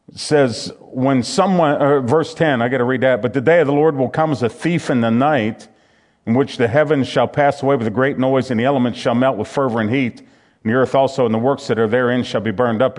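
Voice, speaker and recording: A man preaching a sermon, reading scripture aloud and commenting on it with frequent restarts. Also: on the high side.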